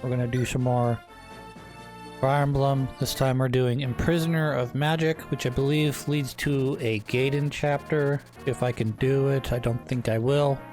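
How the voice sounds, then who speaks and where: A man's voice: medium pitch, fairly even intonation, moderate pace, darkish tone, soft background music. A man hosting a casual let's play, chatting and reading game text aloud. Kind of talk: casual gameplay commentary.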